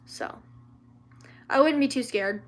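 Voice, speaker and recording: A woman's voice: high-pitched, slow pace. Chatty young woman on a livestream. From Louisiana, raised in the American South. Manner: chatty, rambling, many fillers and restarts, giggly. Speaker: livestream host answering viewer questions. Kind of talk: casual livestream chat.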